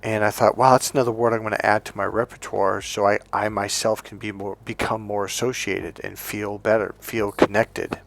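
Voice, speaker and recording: A man's voice: lowish voice, little pitch movement, moderate pace, gravelly, few pauses. A male dating and relationship coach telling stories in a casual, rambling monologue full of restarts and asides.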